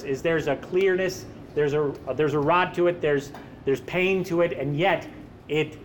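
A man's voice: fairly high pitch, slight background noise. A man preaching a sermon in an emphatic way, posing rhetorical questions and answering them himself.

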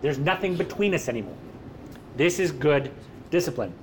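A man's voice: on the high side, lively intonation, moderate pace, a little hiss or hum. A man preaching a sermon in an emphatic way, posing rhetorical questions and answering them himself.

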